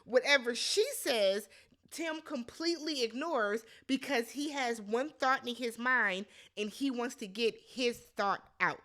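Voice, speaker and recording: Bright, high-pitched woman recapping TV. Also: a little slow. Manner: animated, blunt and exclaiming. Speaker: reality TV recap host. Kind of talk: casual recap commentary.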